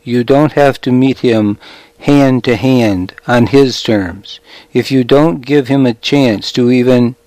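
A man's voice: mid-range voice, takes it slowly, a little mellow, no echo, lightly acted. A man doing a whiny boastful young shepherd.

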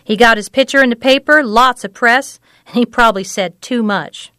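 An actress voicing an earnest, measured woman who tells of a family's troubles. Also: fairly high pitch, pushed and bright, no room sound, clean studio sound. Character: woman, an older local who runs a clinic.

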